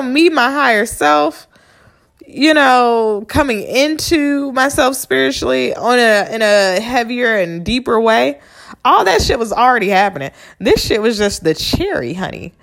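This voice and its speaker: A woman hosting her own podcast, telling a personal story in a candid, blunt, conversational way, swearing freely and talking straight to the listener. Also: on the low side. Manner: conversational, addresses listener directly. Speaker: podcast host. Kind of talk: casual solo storytelling monologue.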